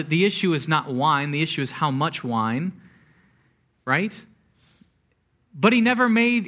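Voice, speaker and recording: A man preaching a sermon as pastor, animated, with repeated words and acted-out quotes. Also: fairly high pitch.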